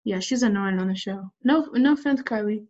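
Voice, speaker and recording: A woman's voice: medium pitch, fairly quick, darkish tone. A young woman co-hosting a podcast in casual chat, giggly and teasing. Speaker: podcast co-host. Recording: dull lo-fi sound.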